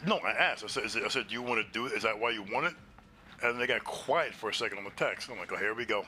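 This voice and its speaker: A man's voice: fairly low pitch, fast, pushed and bright, soft background music. A man casually telling a story on a stream, profane and exasperated, acting out both sides of the conversation. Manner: profane, exasperated retelling with quoted dialogue.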